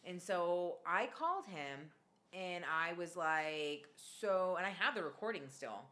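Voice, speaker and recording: A woman's voice: lowish voice, takes it slowly. A woman hosting a podcast, telling a story in casual chat with lots of fillers and free swearing. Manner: animated, swears freely, many fillers. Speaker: podcast host.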